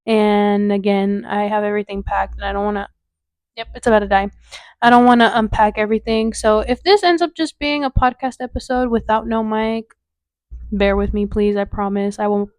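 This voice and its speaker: A young woman hosting a podcast, talking in a candid, expressive way with casual swearing and frequent fillers. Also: mid-range voice, moderate pace. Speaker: podcast host. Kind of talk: casual chatty podcast monologue. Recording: echoey room.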